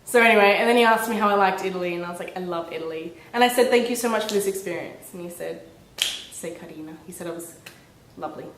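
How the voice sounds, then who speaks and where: A woman in her twenties chatting casually to her camera at home, telling a story with lively, bubbly energy. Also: fast. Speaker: vlogger. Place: indoors at home, a small room. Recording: echoey room with faint rumble.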